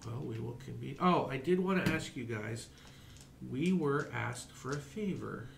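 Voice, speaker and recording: A man narrates a tabletop game as game master, halting and full of fillers. He speaks slowly, with a gravelly edge. The room echoes, and there is a faint hiss. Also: mid-range voice, animated.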